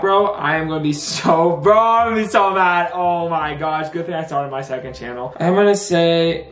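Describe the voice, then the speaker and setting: A man's voice: fairly high pitch, reverberant. A young man in his twenties filming a casual prank vlog, frantic and exasperated, saying bro and dude a lot. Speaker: vlogger.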